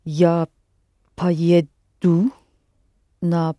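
A woman practicing Russian as a student, working through phrases word by word. Her voice sits very low and mellow, and she speaks very slowly. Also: level tone, no echo. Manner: careful, halting answers in learner Russian. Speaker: language student. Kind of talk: lesson practice.

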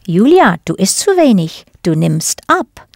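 Woman language teacher, slow and deliberate, animated intonation, dry studio sound. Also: medium pitch, vocal fry, no echo. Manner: slow, careful enunciation with prompting questions. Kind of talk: scripted language lesson.

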